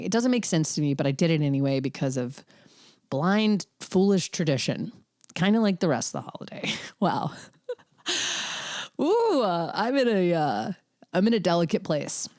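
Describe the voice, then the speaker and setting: A woman's voice: low voice, a little mellow, no echo, studio quality. A woman hosting her own podcast solo, talking in a candid, wry, rambling way with lots of fillers. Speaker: podcast host. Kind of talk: casual solo podcast chat.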